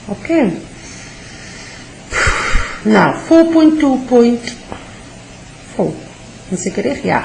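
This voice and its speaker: A woman's voice: lowish voice, slow, creaky, pauses often, mellow, echoey room, slight background noise, poor audio. A woman teacher giving an exam revision lesson, patient and repeating key words for emphasis, calling her learners loved ones.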